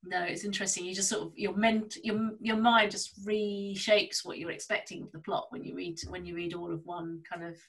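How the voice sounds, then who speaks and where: A woman's voice: mid-range voice, level tone, brisk, few pauses, a bit bright, low-quality recording. A woman author interviewing another author on a video call, chatty and laughing often. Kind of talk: casual chat.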